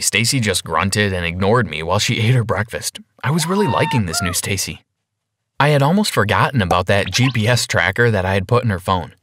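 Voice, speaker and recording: Low, animated male storyteller. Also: no room sound. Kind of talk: first-person animated story narration.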